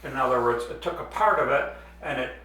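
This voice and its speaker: A man's voice: mid-range voice, expressive, pushed and bright, recorded from a distance. Man teaching drawing in an echoey room. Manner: unhurried, explains step by step while drawing. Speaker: art teacher. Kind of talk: drawing demonstration.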